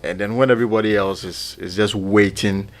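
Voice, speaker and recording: A man's voice: lowish voice, fairly even intonation, a little fast, soft background music. A Ghanaian man on a radio panel, speaking earnestly and with frustration, often repeating words as he builds a point. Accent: Ghanaian English. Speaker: newspaper review panelist.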